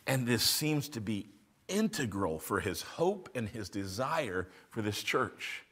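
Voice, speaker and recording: Guy preaching a sermon, bright voice, really animated, keeps asking questions then answering them. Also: fairly low pitch, slow pace, slightly rough. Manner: lively teaching voice, asks and answers rhetorical questions. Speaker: pastor. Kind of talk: expository sermon.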